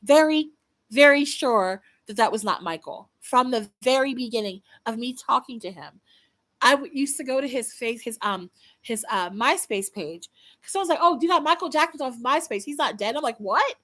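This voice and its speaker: Youngish woman going live, kinda high voice, blunt, cusses a lot, keeps restarting mid-sentence. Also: expressive, brisk, a bit bright. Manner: blunt, swears freely, many restarts. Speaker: livestream host. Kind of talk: casual livestream chat.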